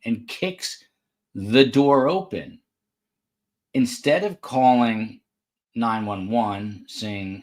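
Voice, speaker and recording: A man hosting a true crime podcast, talking casually from a hotel room with frequent fillers and side remarks. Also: lowish voice. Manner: conversational, with frequent fillers and asides. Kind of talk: casual live commentary.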